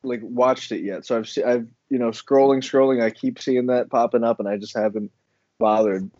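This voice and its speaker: Man, podcast co-host, casual chat, jokey, animated retelling, mid-pitched, dry slightly muffled sound. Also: moderate pace, no echo.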